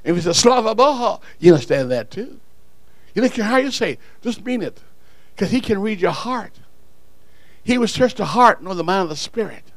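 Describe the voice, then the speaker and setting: Animated preacher man with a lively voice. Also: moderate pace, dry recording. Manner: animated, swings from low asides to shouted exhortation. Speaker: pastor. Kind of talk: sermon.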